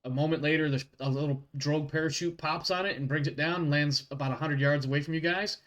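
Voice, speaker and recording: Male GM, relaxed tabletop narration with offhand corrections. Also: a little high, fast. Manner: casual, laughing asides and self-corrections. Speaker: game master.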